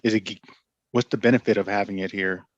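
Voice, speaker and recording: A man's voice: on the low side, steady tone, quick pace, no echo, lo-fi sound. A man playing a tabletop game, asking hesitant questions with restarts. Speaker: player. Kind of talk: casual tabletop role-play.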